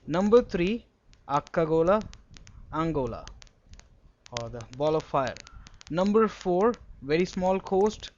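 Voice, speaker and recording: A man's voice: on the high side, expressive, slow, long pauses, a little mellow, muffled recording, slight background noise. A man with an Indian English accent teaching a screen-recorded geography lesson in a chatty way, spelling names out and using little memory stories.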